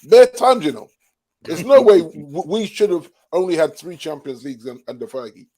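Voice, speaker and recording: A man's voice: on the high side, big pitch swings, normal speed, dark tone, rough recording. A man on a casual football podcast who agrees readily and often restarts his sentences with a stammer. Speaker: podcast panelist.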